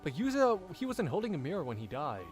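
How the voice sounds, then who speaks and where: A man's voice: on the high side, wildly swooping pitch, fast talker, faint music behind. A man doing casual let's-play commentary, thinking aloud, swearing and rambling about his guesses. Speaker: voice actor playing a game on stream.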